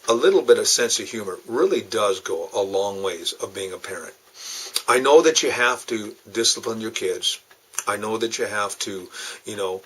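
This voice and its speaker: A man's voice: fairly low pitch, fairly bright tone, breathy edge, rough recording. A middle-aged man who hosts a short parenting talk, telling family stories with moral asides in a folksy way. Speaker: radio host.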